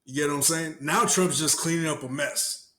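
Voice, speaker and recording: A man co-hosting a casual podcast, talking in a profane, animated way and laughing often. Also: fairly high pitch, normal speed, slight background noise. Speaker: podcast co-host.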